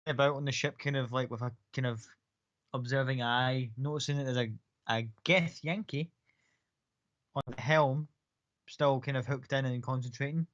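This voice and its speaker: A man narrating as a tabletop game master, his descriptions loose and rambling and full of fillers. His pitch is mid-range. The audio is dull and lo-fi. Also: fairly even intonation, normal speed, fairly bright tone.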